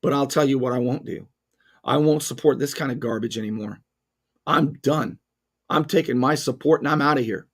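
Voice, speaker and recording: A man's voice: medium pitch, moderate pace, husky. A man hosting a talk show, delivering sarcastic, opinionated commentary and mocking other views. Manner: sarcastic, animated, mocking voices.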